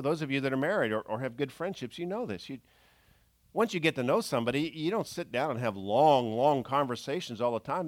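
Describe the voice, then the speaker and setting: Expressive, animated male preacher. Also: mid-range voice, no room sound. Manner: conversational storytelling, swings from loud to hushed. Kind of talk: sermon.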